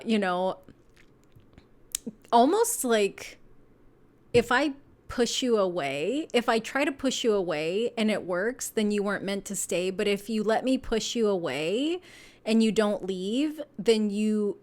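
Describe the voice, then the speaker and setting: A woman in the middle of a casual tarot reading, talking in a loose, meandering way full of fillers and easy laughter. Her voice sits at a medium pitch, and she swears offhandedly as she goes. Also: darkish tone. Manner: laughs often while talking. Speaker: tarot card reader.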